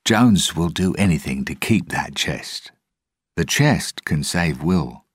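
A man's voice: a bass voice, animated, slow, husky, dry recording, studio quality, voice pushed up, heavily acted. A man reading aloud, voicing a sly, teasing male pirate captain.

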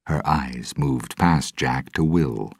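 A male narrator reading a storybook at a steady, deliberate pace. His voice is extremely deep, slow and husky, recorded dry and close. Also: dry recording.

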